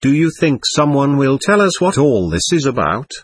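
A self-important corporal, voiced by a man reading aloud, lecturing in a husky voice that swings up and down, and recorded dry. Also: mid-range voice, big pitch swings, normal speed, no echo.

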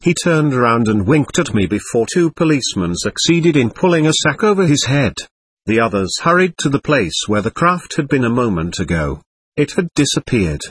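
A man narrating a first-person storybook with a husky, breathy voice. His pitch rises and falls lively through the lines, and the sound is close and dry. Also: moderate pace, no room sound. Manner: steady, expressive reading.

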